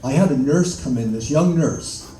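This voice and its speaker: An older man, an interview guest, telling his story in a halting way with many fillers and laughs. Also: medium pitch, expressive, dark tone. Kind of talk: conversational storytelling. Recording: echoey room, mic far off, faint noise.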